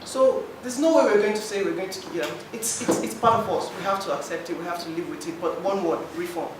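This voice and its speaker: A man's voice: sits high, quick pace. A man speaking emotionally at a public forum, pleading his case to the room. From Nigeria. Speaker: forum participant. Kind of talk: impassioned public comment. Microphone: handheld mic. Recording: echoey hall, distant mic, noisy.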